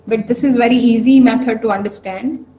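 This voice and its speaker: A woman teaching programming online speaks a little fast in a mellow, slightly high voice with fairly even intonation. She regularly checks whether her students understand. Her room is echoey, and there's faint noise.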